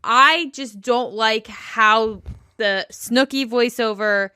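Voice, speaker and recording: Bright, wry woman podcast co-host. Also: a little high, slow pace, clean tone, no echo, clean studio sound. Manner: chatty, wry, opinionated. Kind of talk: casual reality TV recap chat.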